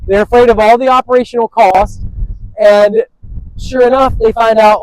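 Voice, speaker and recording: A man's voice: very high voice, fairly even intonation, moderate pace, slight background noise, rough recording. A man hosting an interview, talking about property in an upbeat, salesy way that repeats phrases. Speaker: host and real estate agent.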